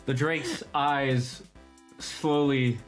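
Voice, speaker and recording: A man narrates as game master in a loose, vivid, casual way, swearing now and then. His voice sits at an ordinary male pitch. Faint music plays underneath. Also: steady tone, very slow.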